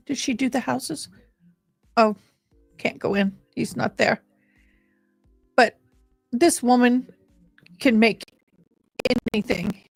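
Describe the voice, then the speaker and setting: Talking directly to her audience in a relaxed, chatty way, a woman livestreams a game while soft game music plays. Her fairly high voice is gravelly and slightly rough, moving slowly with long pauses. The sound is clean studio quality with no echo.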